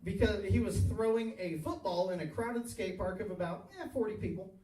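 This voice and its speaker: A thirty-something man with a fairly high voice works a small bar crowd with crude, self-deprecating stand-up and keeps chuckling at his own lines. He sounds echoey and a little distant, as if the room picked him up from across the bar. The delivery is loose and off the cuff. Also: moderate pace, warm tone. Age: 30s. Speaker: stand-up comedian. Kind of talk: stand-up comedy set. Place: small tavern stage, live audience.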